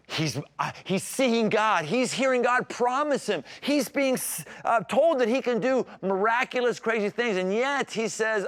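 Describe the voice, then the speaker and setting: A man's voice: very high voice, a little slow, hardly any pauses. A man preaching a sermon as pastor, conversational and emphatic, acting out scripture scenes. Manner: animated, acts out scripture scenes with voices.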